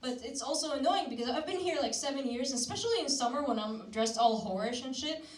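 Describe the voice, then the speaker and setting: A young woman from Syria doing a crude, deadpan stand-up comedy set on a club stage, slipping into mocking put-on voices. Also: high-pitched, fast talker. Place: comedy club stage before a live audience. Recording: roomy club sound from a distance, loud crowd laughter.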